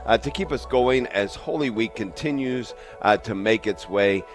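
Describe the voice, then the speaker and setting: A man hosting a morning radio show, relaxed and halting, with lots of filler words. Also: fairly low pitch, music in the background. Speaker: radio host. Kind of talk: casual radio chat.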